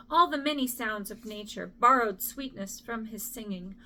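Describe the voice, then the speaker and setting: A woman's voice: a little high, normal speed, hardly any pauses, pushed and bright, slight background noise. A middle-aged woman reading a poem as a bedtime story. She trips over the hard names and breaks off to apologize and joke at her own expense. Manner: stumbles over names and apologizes with self-deprecating asides.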